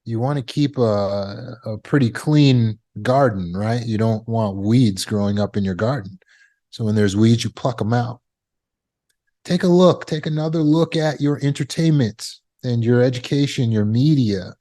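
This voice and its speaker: A man's voice: mid-range voice, measured pace, warm tone. A man teaching trauma recovery as a coach, speaking emphatically and repeating phrases for effect. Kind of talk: motivational teaching talk.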